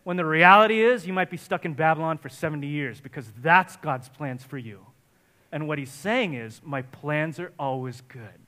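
Man, pastor, sermon, high-pitched, bright tone, emphatic delivery. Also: moderate pace. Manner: emphatic, rising to near-shouting exhortations. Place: church in Santa Barbara area.

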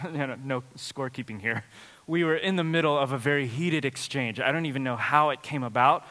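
A man's voice: on the high side, pushed and bright, long reverb tail. A man preaching a sermon as pastor, telling stories in a conversational way with plenty of fillers. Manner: conversational, storytelling with frequent fillers.

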